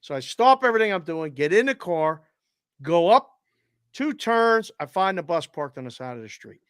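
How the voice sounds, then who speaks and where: A man co-hosting a sports betting show who tells stories in an animated, profane way. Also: high voice, normal speed, clear, resonant tone, no room sound, clean studio sound. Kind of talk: casual sports betting chat.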